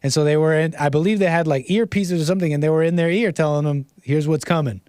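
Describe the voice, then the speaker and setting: Chatty American man, higher voice. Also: fast talker, clean tone, no echo, clean studio sound. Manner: rambling and animated, laughs often, reads chat aloud. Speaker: livestream host. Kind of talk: casual livestream chat.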